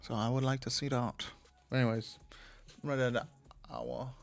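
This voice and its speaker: A man's voice: medium pitch, fairly even intonation, normal speed, long pauses, soft background music. A man hosting a casual solo podcast, rambling from tangent to tangent and swearing freely. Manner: rambling, profane, digressive. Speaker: podcast host.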